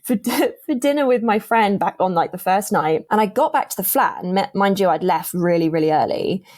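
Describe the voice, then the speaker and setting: A woman's voice: mid-range voice, fairly quick. A young woman, a podcast guest telling a dating story in casual chat and acting out the lines of the people in it. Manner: animated storyteller, acts out quotes.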